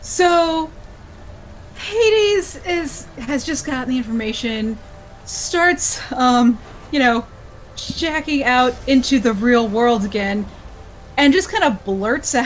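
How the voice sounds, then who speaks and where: A woman's voice: sits high, expressive, slow, a little hiss or hum, rough recording. A woman playing a tabletop game, chatting casually in a playful way. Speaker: player.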